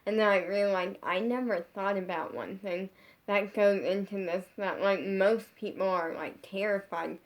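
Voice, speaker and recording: A woman's voice: medium pitch, fairly even intonation, normal speed. Rambling woman telling a vlog story. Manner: rambling, heavy use of 'like', frequent restarts. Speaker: social media creator. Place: her bedroom.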